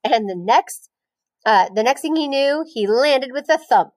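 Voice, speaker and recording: A woman, a teacher, reading a children's novel aloud in a clear, expressive storytelling voice. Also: sits high, unhurried, dry recording.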